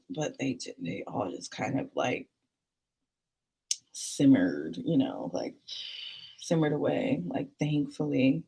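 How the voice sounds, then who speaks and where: Husky young woman telling rambling stories. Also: takes it slowly. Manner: animated, rambling, swings into high excited squeals. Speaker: vlogger. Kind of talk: casual storytelling to camera.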